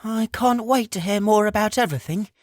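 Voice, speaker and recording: A woman's voice: medium pitch, a little fast, darkish tone, no echo, studio quality, pitched above the performer's own voice, lightly acted. A man voicing a frail, tender older mother who has just been healed, speaking with breathless wonder in a storybook reading. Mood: warm.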